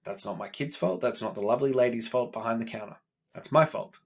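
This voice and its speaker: A man's voice: medium pitch, fast. A man, talking bluntly and with a lot of swearing, candid and self-critical, in a personal vlog monologue. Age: 30s. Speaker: self-improvement vlogger, father.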